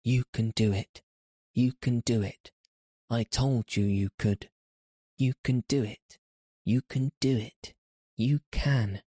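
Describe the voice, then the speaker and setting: A man's voice: mid-range voice, fairly even intonation, takes it slowly, pauses often, warm tone, husky, no echo, clean studio sound, pitched above the performer's own voice. A man voicing a determined young girl who keeps urging a friend on under her breath.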